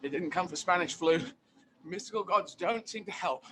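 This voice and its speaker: Bright, high-voiced man chatting animatedly. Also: moderate pace, a little hiss or hum. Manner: animated, emphatic, repeats phrases for effect. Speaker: guest comedian. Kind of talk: casual interview chat.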